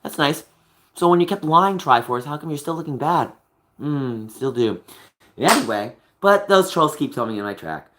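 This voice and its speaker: A man streaming live, venting in an emotional rant that swings from low muttering to a raised voice. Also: animated, fairly quick, fairly bright tone.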